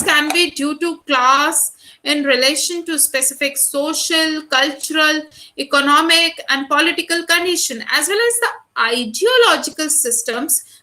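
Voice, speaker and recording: A woman with an Indian accent delivers an online lecture in a high voice. She speaks straight to her students and works through lists of key terms one by one. Her tone is bright and clear. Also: poor audio. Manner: addresses students directly, reads out lists of terms.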